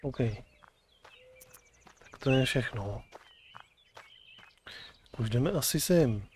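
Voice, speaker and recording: A man's voice: mid-range voice, expressive, takes it slowly, background noise. A man streaming a game, thinking aloud in casual commentary.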